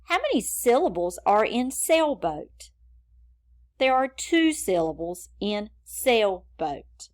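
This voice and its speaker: A woman teacher leads young children through a phonics lesson. She speaks at an unhurried, deliberate pace, and her pitch rises and falls in a lively, sing-song way to keep the kids engaged. Her tone is encouraging and patient. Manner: slow, encouraging, sing-song classroom delivery.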